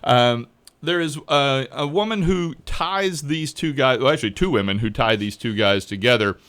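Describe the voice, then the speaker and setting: A man's voice: medium pitch, moderate pace, fairly bright tone, smooth, dry recording. A man who directs a school play, explaining the story and his casting choices in a radio interview. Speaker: drama teacher and director.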